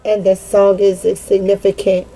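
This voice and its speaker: A woman giving a spontaneous spiritual card reading. She talks in a halting way, repeats words and thinks aloud, and sounds earnest and emotionally open. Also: medium pitch, completely flat delivery, mellow, soft background music, low-quality recording. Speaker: tarot card reader.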